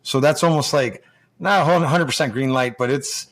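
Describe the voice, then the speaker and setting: An American man spins long, loose stories in an easy, mid-pitched voice. He keeps stopping, restarting and acting out what other people said. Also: moderate pace, fairly bright tone. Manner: rambling, full of restarts and acted-out quotes. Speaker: guest, former hockey player. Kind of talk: casual storytelling.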